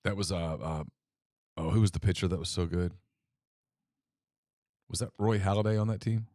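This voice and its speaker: A man co-hosting a sports talk show, reading sponsor ads and chatting in a relaxed way, with fillers. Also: sits low, normal speed, dry recording, studio quality. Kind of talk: live ad reads and casual chat.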